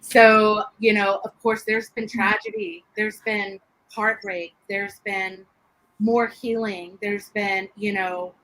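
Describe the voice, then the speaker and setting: A woman, a guest sharing her faith testimony in an interview, animated and quick to laugh as she acts out what people said. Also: medium pitch, low-quality recording. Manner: animated storyteller, laughs often, acts out quotes.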